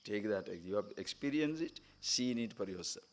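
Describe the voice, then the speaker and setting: A man's voice: lowish voice, animated, normal speed. A man giving a spiritual talk at a retreat camp, telling stories animatedly and acting out the speakers he quotes. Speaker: spiritual teacher. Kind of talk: spiritual discourse.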